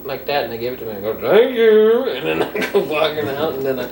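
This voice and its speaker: A man's voice: medium pitch, rapid-fire, creaky. A man hosting a casual podcast, rambling through a silly story and laughing as he tells it. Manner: giggly, breaks into laughter mid-story. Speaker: podcast host. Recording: echoey room from far off, faint noise.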